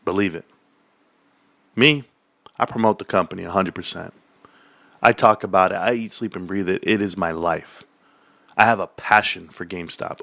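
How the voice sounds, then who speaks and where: A man's voice: deep voice, moderate pace, vocal fry, long pauses, pushed and bright, dry recording. A man hosting his own stock market stream, giving brash, combative and profane commentary.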